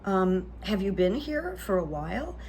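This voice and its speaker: A woman hosting her own channel, telling stories in a chatty, confiding way that trails off softly at the ends of phrases. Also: medium pitch, sing-song, unhurried. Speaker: channel host. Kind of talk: casual storytelling monologue. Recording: faint background noise.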